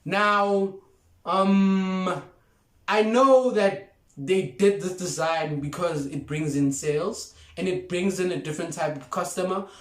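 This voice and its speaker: Young male car vlogger, emphatic, repeats himself, slightly high voice, echoey room. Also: a bit bright. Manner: emphatic, repeats points, laughs often. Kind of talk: casual car review vlog. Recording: roomy echo.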